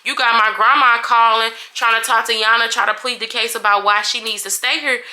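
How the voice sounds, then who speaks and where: Young woman vlogging, super bright voice, animated and cussing while she tells the story. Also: on the high side, brisk. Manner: animated, profane, acts out everyone's lines. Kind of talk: casual storytime retelling.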